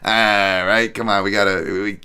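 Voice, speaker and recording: A man hosting a casual betting podcast, profane and rambling, swinging from loud hype to low mutters. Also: flat delivery, moderate pace, smooth. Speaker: podcast host.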